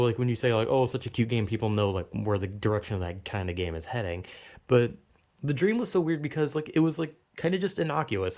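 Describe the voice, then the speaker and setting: A man in a loose solo monologue, talking at a middle pitch and stringing thoughts together with constant fillers and casual swearing. He sounds baffled and animated as he tells a story, in an off-the-cuff vlog delivery. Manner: rambling, heavy filler words and swearing; animated, incredulous. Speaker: podcaster recounting a dream.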